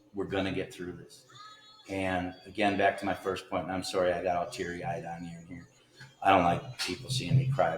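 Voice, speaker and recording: Rambling low-voiced man in an echoey room. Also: slight background noise. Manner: folksy, meandering, with sudden loud outbursts. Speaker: vlogger. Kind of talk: casual rambling monologue.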